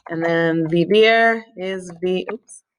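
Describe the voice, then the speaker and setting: Slow, patient woman teaching a lesson. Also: fairly low pitch, clear, resonant tone. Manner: patient, explanatory, with small slips and fillers. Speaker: Spanish teacher. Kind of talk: recorded screen-share lesson.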